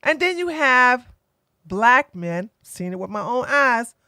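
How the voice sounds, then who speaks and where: A woman with a high voice delivers blunt, opinionated online commentary, animated and quick to slip into mocking impressions. Her voice is recorded close and dry, with no room sound around it. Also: clean tone, dry recording.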